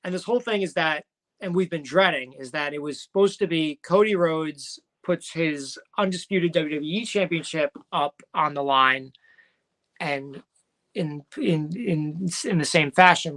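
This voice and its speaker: A man's voice: on the high side, normal speed, fairly bright tone. A man co-hosting a casual wrestling recap, rambling and joking and correcting himself as he goes. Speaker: podcast co-host.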